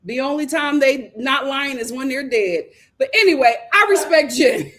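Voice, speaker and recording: A woman hosting a live recap show, animated and opinionated as she gives her commentary. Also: sits high, normal speed. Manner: animated, opinionated, acts out quotes. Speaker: host.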